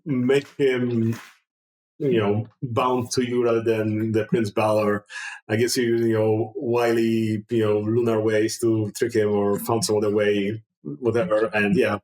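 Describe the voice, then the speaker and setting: Male game master, relaxed and rambling, roomy sound. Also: lowish voice. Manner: casual, halting, many fillers. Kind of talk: narrating a tabletop game. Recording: roomy echo.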